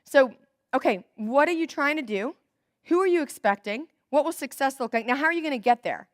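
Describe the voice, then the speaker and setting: A young adult woman giving a chatty, animated storytelling talk to church volunteers, acting out bits of dialogue. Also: sits high, fairly quick, no room sound, studio quality. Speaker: guest speaker at a church volunteer event. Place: church hall.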